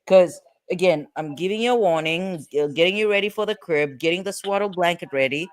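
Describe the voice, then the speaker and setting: A man's voice: sits high, brisk, clear, resonant tone. A man hosting a casual show about court cases, chatty and rambling with fillers and restarts. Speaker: host.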